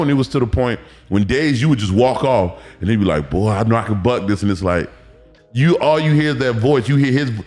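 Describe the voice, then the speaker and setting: A man, a former football player telling animated, profane stories as a podcast guest. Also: mid-range voice, brisk. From Miami, Florida. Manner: animated storytelling, acts out quotes, profane. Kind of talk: casual podcast interview.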